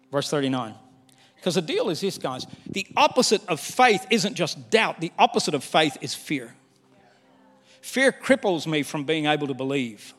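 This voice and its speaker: An older man preaching a sermon as pastor, candid and animated, with humor and acted-out quotes. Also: on the high side, measured pace, pauses often. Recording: long hall reverb.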